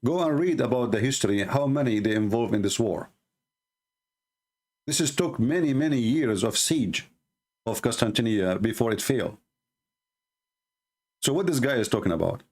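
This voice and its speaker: The host of a live debate show is a man with an Arabic accent who speaks Arabic as his first language. In a mid-range voice with lively intonation and a darkish tone, he argues emphatically, repeating phrases and slowing down to stress points.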